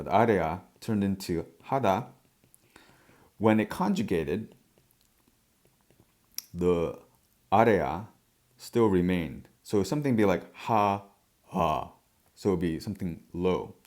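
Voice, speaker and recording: Deep-voiced man explaining a language lesson. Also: lively intonation, darkish tone. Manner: halting, many fillers and throat clearing. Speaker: language teacher.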